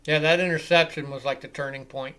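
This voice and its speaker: A man hosting a live football reaction show, giving excitable, profane play-by-play commentary. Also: on the high side, brisk, smooth. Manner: excitable and profane, swears freely.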